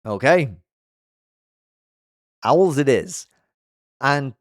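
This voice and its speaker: A man giving a playful, self-mocking commentary on an animated web show, recapping it as he goes. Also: mid-range voice, measured pace, dry recording, clean studio sound. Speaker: video commentator.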